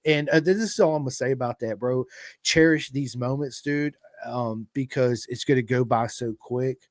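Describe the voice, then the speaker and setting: A man with a Southern American country accent hosting a podcast, telling stories in an animated, casual way. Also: medium pitch, normal speed, no room sound, clean studio sound. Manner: animated storyteller, says dude and bro a lot. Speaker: podcast host. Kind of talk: casual chat.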